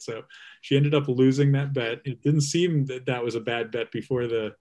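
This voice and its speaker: A man's voice: mid-range voice, moderate pace, a little mellow. Rambling man hosting a chat. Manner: rambling, many fillers and restarts. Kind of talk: casual conversation.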